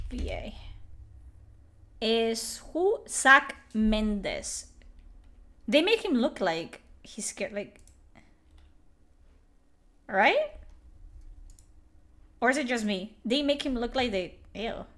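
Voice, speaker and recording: A Spanish-speaking woman from the Canary Islands with a Canary Islands Spanish accent, giving animated, opinionated commentary while streaming a video game. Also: on the high side.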